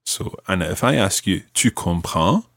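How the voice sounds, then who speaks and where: Man, language teacher, podcast lesson, husky, lively low voice, patient prompting. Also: moderate pace, no echo, clean studio sound. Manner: patient, prompts the learner with questions.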